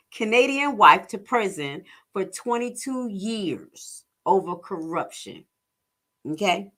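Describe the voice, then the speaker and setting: Bright-voiced woman rambling through commentary. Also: fairly low pitch. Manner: rambling, jokey, full of asides and self-corrections. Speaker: commentary vlogger. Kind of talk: casual commentary.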